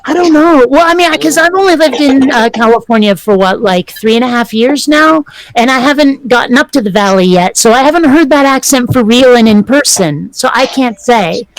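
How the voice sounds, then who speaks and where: A woman's voice: high voice, expressive, brisk, hardly any pauses, rough recording. A woman from New England with a New England accent, talking casually in a group discussion on a call, hesitant and full of fillers. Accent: New England American. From New England, USA. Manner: chatty, hesitant with many fillers. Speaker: panel guest.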